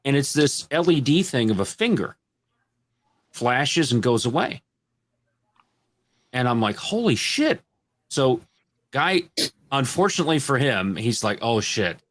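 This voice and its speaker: A man from Illinois, a podcast guest telling crude, animated stories in a casual panel chat. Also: medium pitch, unhurried, long pauses.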